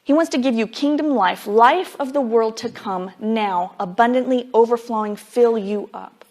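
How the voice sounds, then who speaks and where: A woman's voice: a little high, normal speed, a little mellow. A woman Bible teacher giving a conversational sermon, casual and emphatic, dropping frequent "like" fillers as she explains.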